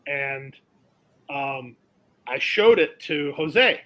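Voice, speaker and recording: A young man from South Florida who works as a racetrack announcer tells stories in a casual interview, animatedly acting out the people in them. His voice is mid-range and he draws out his words. The recording is rough.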